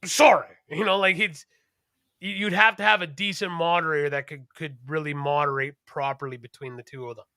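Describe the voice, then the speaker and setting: A man co-hosting a podcast in casual chat, rambling, animated and profane. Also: a little high, fairly quick, clear, resonant tone, no echo, studio quality. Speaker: podcast co-host.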